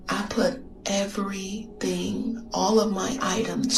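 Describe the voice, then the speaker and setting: A woman's voice: medium pitch, level tone, measured pace, few pauses, roomy sound, a little hiss or hum. An American woman telling a story in a casual, slangy, dramatic way. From United States. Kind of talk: casual storytelling on social media.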